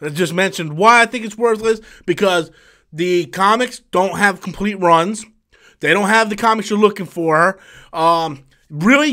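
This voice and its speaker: A high-pitched man hosting a live stream, talking loosely and heatedly. He swears constantly and trips over his own restarts. His voice sits well above the usual male range. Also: pushed and bright. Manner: profane, heated, swears often; many fillers and restarts, loose talk. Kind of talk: casual ranting live stream.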